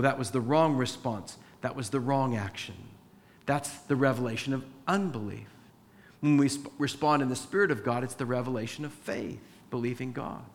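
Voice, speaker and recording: Male pastor, sermon, conversational, mid-pitched voice, long church reverb. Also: a bit bright. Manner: conversational, acts out dialogue with his wife. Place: church with a sound booth.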